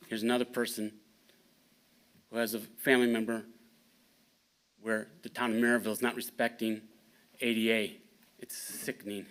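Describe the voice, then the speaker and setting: A man speaks bluntly at a town council public comment, indignant and dropping filler ums. His voice is bright and sits at a middle pitch.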